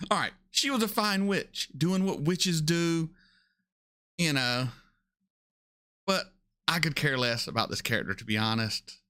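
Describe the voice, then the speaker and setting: A man hosting a casual livestream, talking in an opinionated way, repeating points for emphasis and often jumping up in pitch when he gets excited. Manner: frequent excited jumps up in pitch. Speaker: reaction channel host.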